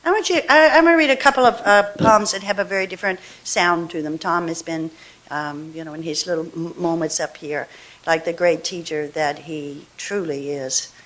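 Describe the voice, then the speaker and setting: A woman poet at a live reading, talking casually between poems with fillers and restarts, then reading her verse slowly and deliberately. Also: on the low side, fairly bright tone. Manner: chatty asides, slow deliberate verse reading. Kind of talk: poetry reading with commentary. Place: university reading hall.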